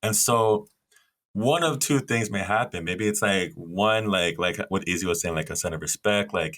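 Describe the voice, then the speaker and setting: Podcast co-host, male, lower pitch; measured, builds his points one at a time, lots of "you know". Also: a bit bright. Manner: measured, lays out ideas step by step with fillers. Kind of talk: casual chat, reacting to a trailer.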